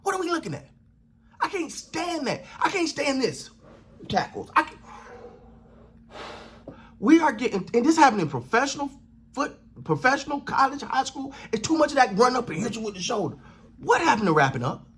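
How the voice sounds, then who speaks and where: A man with a husky, fairly high, slightly bright voice rants about a football game like a sports channel host reacting on camera. His sing-song delivery swings all over the place at normal speed with frequent pauses, and he hammers his points by repeating himself in casual slang.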